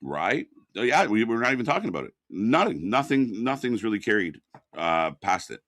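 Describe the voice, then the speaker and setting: On a casual live wrestling watch-along stream, this male co-host agrees with his partner, backs him up with short replies, and explains the chat points contest he runs. His voice is on the low side with big pitch swings, a fairly quick pace, and a fairly bright tone, with no room sound.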